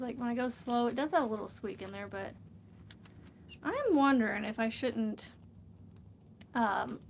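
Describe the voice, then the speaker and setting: Chatty woman vlogging at home, slight hiss. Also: fairly high pitch. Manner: chatty, rambling, laughs often. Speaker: crochet vlogger. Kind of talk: casual livestream chat while crafting.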